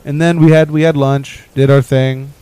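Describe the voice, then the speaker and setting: A young adult man telling a story in casual podcast chat, rambling and laughing as he talks, with his phrase ends often trailing off quietly. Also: mid-range voice, little pitch movement, moderate pace, clean tone, dry recording, low-quality recording. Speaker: podcast co-host.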